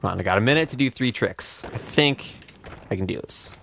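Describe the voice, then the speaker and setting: A man's voice: medium pitch, animated, fairly quick, vocal fry, fairly bright tone, slight background noise. A young man giving sarcastic, profane, self-mocking commentary while playing a video game. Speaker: let's play host. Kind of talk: casual gameplay commentary.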